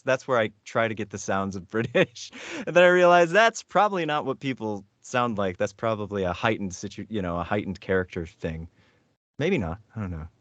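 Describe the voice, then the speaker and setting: A man's voice: on the low side, moderate pace, dry recording. A male voice actor chatting as a guest in an interview, hesitant and rambling with many fillers. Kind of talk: casual interview chat.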